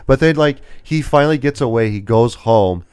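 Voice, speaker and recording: A man's voice: mid-range voice, moderate pace, a little mellow, clean tone, no room sound. A young man co-hosting a casual movie review podcast, retelling scenes in a laid-back way. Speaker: podcast co-host.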